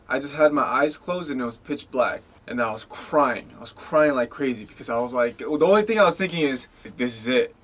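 A man in his twenties from the United States, a guest telling stories in a casual interview, acting out quoted lines with lots of "like" and "you know". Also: mid-range voice. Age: 20s. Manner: animated storyteller, acts out quoted lines.

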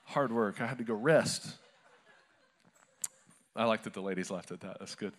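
A man's voice: fairly low pitch, normal speed. A male pastor preaching a sermon to a live church congregation, telling stories in a conversational, humorous way.

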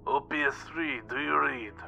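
A man's voice: on the high side, moderate pace, gravelly, pushed and bright, faint music behind, pitched above the performer's own voice, exaggerated voice, poor audio. A man voicing a jovial Soviet cosmonaut commander talking over the radio in a horror story, hearty and concerned. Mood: friendly.

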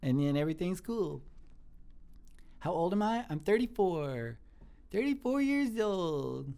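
A man's voice: fairly high pitch, creaky, full character voice. A man playing a sweet, shy male restaurant cook in his thirties, who talks in an earnest, rambling way in improvised live-stream comedy. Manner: earnest, easily flattered, rambling.

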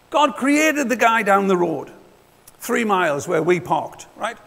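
A man preaching in a church, his voice high and animated, sliding up and down as he talks. He has a gravelly edge to his tone and often acts out short dialogues. A long reverb from the hall trails after his words. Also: unhurried. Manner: conversational, acts out little dialogues. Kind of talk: sermon.

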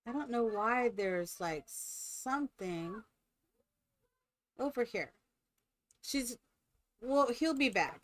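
A woman's voice: a little high, expressive, slow pace, long pauses, a little hiss or hum. An older woman streaming a game, chatting casually, thinking aloud and cooing at her family. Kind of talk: casual gameplay chat.

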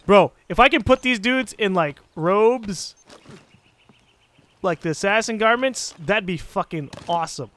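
A North American man talks through a video game in loose, profane let's play commentary. His voice sits high and swings widely in pitch, jumping up whenever something excites him. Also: a little slow. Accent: central North American. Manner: casual, excitable, swears freely. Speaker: gaming commentator.

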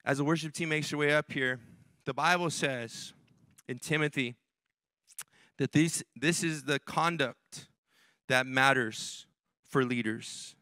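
Bright-voiced male pastor preaching. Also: medium pitch, measured pace, long pauses, no echo. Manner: emphatic, repeats key phrases, direct to congregation. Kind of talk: sermon. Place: church sanctuary.

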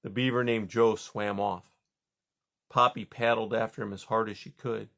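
A man's voice: on the low side, fairly even intonation, creaky, fairly bright tone. Man reading a children's novel aloud. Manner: slow, measured reading. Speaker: reader.

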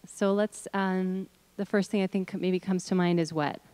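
A woman's voice: lowish voice, steady tone, moderate pace, dark tone, clean tone, no echo. Encouraging woman leading a voice workshop. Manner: encouraging, breaks into hums, chants and sung demonstrations. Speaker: workshop leader. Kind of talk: leading an audience in voice exercises.

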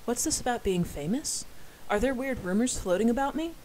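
A shy young office woman, polite and a little flustered, as a reader puts her on. The voice is raised above the narrator's usual pitch in a fan-read story. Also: animated, brisk, a little mellow, slight background noise, natural voice, low-quality recording.

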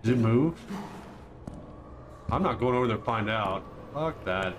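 A man playing a horror game and commenting on it with jokes, breaking into panicky yelps and shouts when something startles him. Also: medium pitch, expressive, a little slow, background noise. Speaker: let's play gamer.

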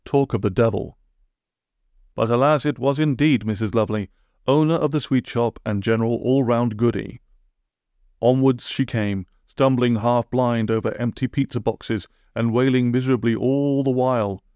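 A man narrating a comic storybook in a deadpan way, with dry asides. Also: mid-range voice, moderate pace, dry recording. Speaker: audiobook narrator.

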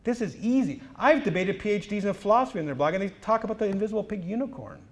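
Emphatic middle-aged man preaching. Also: quick pace. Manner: emphatic, rising to loud declarations then dropping low; lively, acts out quoted exchanges. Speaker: conference speaker. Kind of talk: preaching lecture. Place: conference hall.

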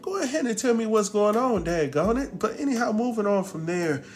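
Man, lively recap host, acts out characters, slightly high voice, faint music underneath. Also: fairly quick. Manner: animated, acts out characters' lines, talks back to them. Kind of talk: casual recap commentary.

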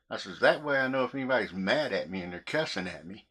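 Guy cooking in his kitchen and rambling, lowish voice but bright and forceful, keeps chuckling. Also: expressive, quick pace. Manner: chatty, meandering, chuckles between sentences. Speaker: cooking vlogger. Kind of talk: rambling story told while cooking.

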